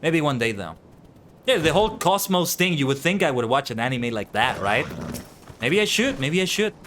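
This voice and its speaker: A man's voice: fairly high pitch, big pitch swings, moderate pace, a bit bright, slight background noise. A young man chatting casually with his viewers while playing and commenting on an online game. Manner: chatty, talks to chat. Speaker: streamer. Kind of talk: livestream gameplay commentary. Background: game music.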